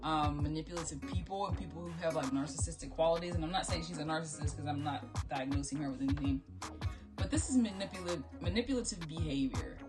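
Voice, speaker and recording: A woman's voice: low-pitched, quick pace, music in the background. A woman hosting a reaction video, talking bluntly and with lots of profanity, and breaking into mocking impressions. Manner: blunt, profane, animated, mock-imitating voices. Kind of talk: casual reaction commentary. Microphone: phone.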